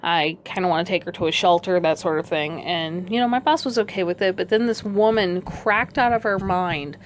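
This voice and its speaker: A woman whose voice is worn out and hoarse tells a rambling story, swearing casually as she goes. Her voice sits fairly low. A faint hiss runs under it. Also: brisk. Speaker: video creator telling a pet story.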